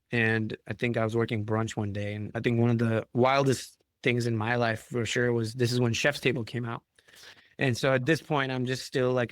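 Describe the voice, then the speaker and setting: Chef guy in his 30s from chicago telling stories, lively, cusses a lot, dry room. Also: medium pitch, dry recording. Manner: animated storyteller, swears casually. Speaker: chef and podcast guest. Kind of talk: casual chat.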